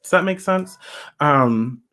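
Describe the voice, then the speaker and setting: A man's voice: on the high side, lively intonation, slow pace, bright, forceful tone. Chatty man giving a tarot reading. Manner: chatty and emphatic, reacts to viewer comments. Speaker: tarot reader. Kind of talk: casual livestream tarot reading.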